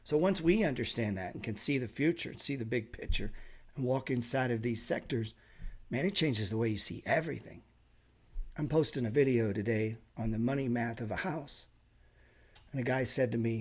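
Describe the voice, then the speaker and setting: A man runs a live trading class in a casual, blunt, emphatic way, swearing a lot and tossing in sarcastic remarks. His voice is mid-range and slightly rough, at a normal speed with frequent pauses.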